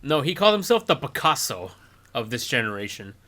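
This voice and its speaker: A woman's voice: a bass voice, big pitch swings, a bit bright. A woman co-host in casual chat, reacting with jokes. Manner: joking, quick reactions. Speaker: podcast co-host.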